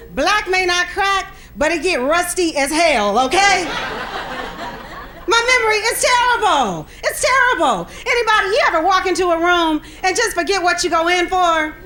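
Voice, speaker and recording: A woman's voice: very high-pitched, animated, normal speed, bright, forceful tone, a faint crowd. A middle-aged woman doing a stand-up comedy set, sassy and punchy, laughing at her own jokes.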